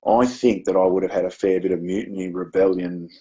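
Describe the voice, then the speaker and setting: A man's voice: low voice, steady tone, brisk, warm tone. A man with an Australian accent presenting a webinar, telling a chatty, self-deprecating classroom story with frequent ums. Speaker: education presenter.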